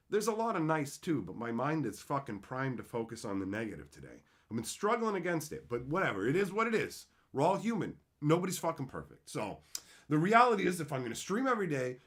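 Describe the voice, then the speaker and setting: A man chats with his live stream audience, reading out their messages and venting angrily with plenty of swearing. He has a mid-range voice with a fairly bright tone.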